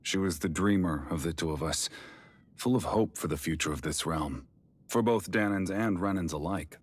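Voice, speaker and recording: An actor playing an easygoing older brother in a game cutscene, talking in a relaxed, wry way. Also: male voice, deep voice, normal speed, husky. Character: easygoing grown man, calm older brother. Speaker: game character. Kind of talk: video game cutscene dialogue.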